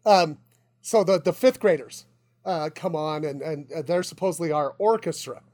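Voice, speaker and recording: A woman's voice: low-pitched, normal speed. Woman telling stories with voices. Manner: animated storyteller, acts out quotes. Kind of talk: casual chat.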